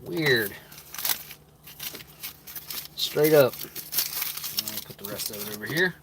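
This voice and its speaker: With background noise present, a live-stream host reviewing rations speaks slowly and expressively in a lowish voice. He chats casually as he tears open packaging and tries the food, thinking aloud and at times talking mid-bite.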